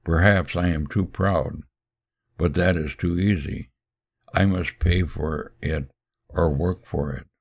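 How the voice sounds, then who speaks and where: A humble male missionary speaks earnestly, with a man reading him aloud. His voice is extremely low and gravelly, and he talks slowly with gentle sincerity. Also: heavily acted.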